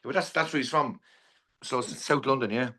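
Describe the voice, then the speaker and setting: A man's voice: medium pitch, normal speed, sharp tone. An Irish man in his forties, a podcast guest chatting casually and telling stories with many restarts. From Ireland. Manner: rambling storyteller with many restarts. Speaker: podcast guest, pub owner.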